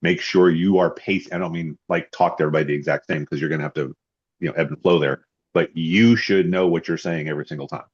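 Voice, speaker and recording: A man with a very low, husky voice shares sales advice on a team call, stopping and restarting his sentences. The sound is dull and muffled, like a lo-fi call. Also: fairly even intonation, fast talker. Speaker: sales agent. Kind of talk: coaching call for insurance agents.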